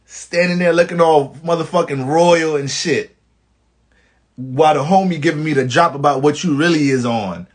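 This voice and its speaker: A man from the Bronx with a New York accent, talking astrology in a casual vlog, full of swearing and animated stories. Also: a little high, normal speed. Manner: profane, animated storytelling.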